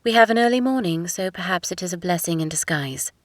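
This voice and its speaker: A woman voicing a runaway young princess who speaks formally and gently. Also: lowish voice, lively intonation, quick pace, no echo, close to an everyday voice. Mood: gentle.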